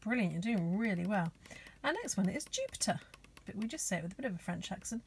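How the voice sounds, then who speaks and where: A woman teaching young children in a slow, encouraging way that often drops to a whisper. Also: mid-range voice, very animated, slight background noise. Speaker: primary school teacher.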